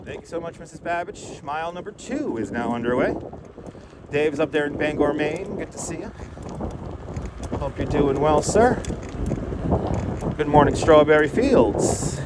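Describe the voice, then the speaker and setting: A somewhat high-voiced man talks loosely and cheerfully as he cycles, calling out hellos to viewers by name. Wind and street traffic roar around his clip-on mic outdoors. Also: expressive, measured pace, long pauses. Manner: chatty, greets viewers by name, loose and upbeat. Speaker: live-streaming bike vlogger. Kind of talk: casual live-stream chat while cycling. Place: outdoors riding a bike through city streets. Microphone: wireless clip-on mic.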